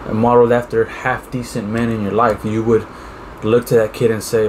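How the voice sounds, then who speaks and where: A man's voice: on the low side, level tone, brisk, a little hiss or hum, low-quality recording. A man co-hosting a casual podcast, speaking in an earnest, reflective way. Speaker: podcast co-host.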